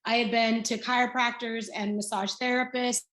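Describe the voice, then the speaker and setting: A woman in her sixties shares her personal story on a video call, chatty and animated as she acts out the dialogue. Her voice sits a bit high. Her voice carries a noticeable room echo. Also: normal speed. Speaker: guest speaker. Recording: roomy echo.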